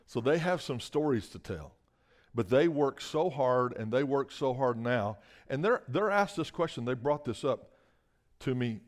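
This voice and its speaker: A man's voice: medium pitch, animated, measured pace. A man preaching a sermon as a guest speaker. He talks emphatically, often repeats words and asks the room for an "Amen?".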